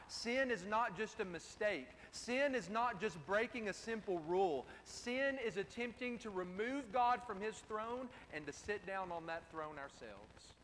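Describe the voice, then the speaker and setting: High-voiced preacher in a reverberant hall. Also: male voice, lively intonation, a little slow, hardly any pauses, a bit bright, slight background noise. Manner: emphatic, repeats key phrases. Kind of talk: sermon. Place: church sanctuary. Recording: distant, reverberant hall with faint ambience.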